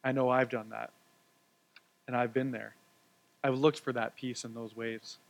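A man's voice: medium pitch, level tone, a little slow, gravelly. A man, preaching a sermon and telling his own story in an earnest, conversational way, with fillers and repeated words. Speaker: pastor. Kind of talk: sermon with personal testimony.

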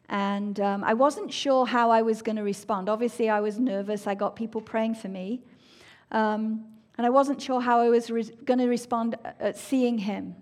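Woman telling her faith story, earnest and emotional, goes soft and hushed sometimes. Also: medium pitch. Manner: earnest, emotional, drops to soft near-whispers. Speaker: speaker sharing a personal testimony. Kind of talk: personal faith testimony.

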